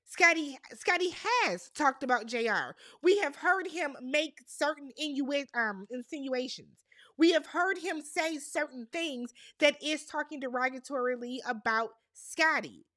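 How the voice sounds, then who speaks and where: A recap host with a high, slightly bright voice runs through a reality TV episode in a casual, exasperated way, talking directly to the people on screen.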